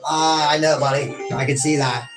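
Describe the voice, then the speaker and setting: A man's voice: a little high, fairly even intonation, normal speed, music in the background. A man hosting a video game playthrough, rambling and apologizing to his viewers in casual, swear-laced talk. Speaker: gaming host. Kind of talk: let's-play commentary.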